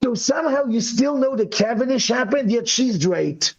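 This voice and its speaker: A man talking in a casual debate chat on a video call, rambling and animated with apologetic asides, his voice worn from yelling. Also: extremely high pitch, moderate pace, breathy edge. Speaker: guest on a live call-in show. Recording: dull lo-fi call audio.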